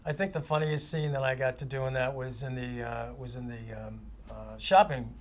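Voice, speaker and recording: A man, a comic actor, telling lively anecdotes as a guest on a chat show. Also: mid-range voice, normal speed. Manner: animated raconteur, vivid descriptive detail. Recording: muffled lo-fi audio.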